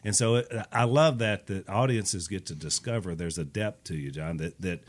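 A man with a fairly low voice hosts a relaxed podcast chat. He tells stories in an animated way, with easy, conversational timing. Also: moderate pace. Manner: animated anecdote telling. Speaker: podcast host. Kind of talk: casual storytelling chat.

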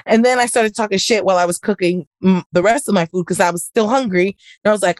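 Woman podcast host, casual chat, animated storytelling, dry close sound. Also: mid-range voice, fast, hardly any pauses, no echo. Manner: animated storytelling, acting out both sides of an argument.

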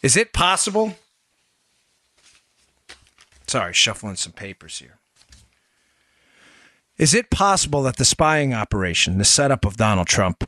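A man's voice: mid-range voice, fairly bright tone, no echo, clean studio sound. Emphatic male political podcast host. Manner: emphatic, rapid rhetorical questions to listeners. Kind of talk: political commentary monologue.

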